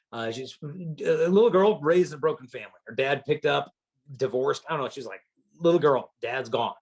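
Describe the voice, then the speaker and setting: A man giving a motivational chastity talk to students, telling stories and acting out the voices of teens. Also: on the high side. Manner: animated storyteller, acts out voices of teens. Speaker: chastity speaker.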